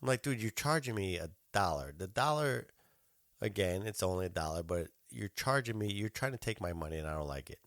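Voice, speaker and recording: A man's voice: deep voice, expressive, a little fast, no echo, clean studio sound. A man hosting a podcast, telling an annoyed story in a casual, profane rant and acting out both sides of his phone calls. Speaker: podcast host.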